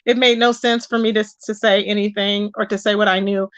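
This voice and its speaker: A woman hosting a live stream, reading her chat aloud and gossiping in an animated, chatty way, calling her viewers baby and child. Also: medium pitch, brisk, dry recording. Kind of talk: casual gossip commentary.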